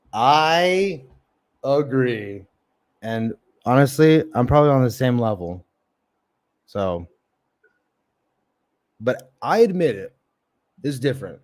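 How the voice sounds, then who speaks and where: A man's voice: medium pitch, lively intonation, takes it slowly, long pauses. A man hosting a casual livestream chat, rambling with lots of fillers. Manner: rambling, many ums and likes. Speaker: livestream host.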